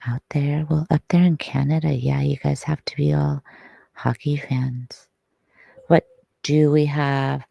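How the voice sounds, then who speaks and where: A woman's voice: sits low, little pitch movement, a little slow, gravelly, mellow, no echo, highs cut off. A woman from Detroit chatting casually to her livestream viewers, rambling, swearing and now and then dropping to a whisper.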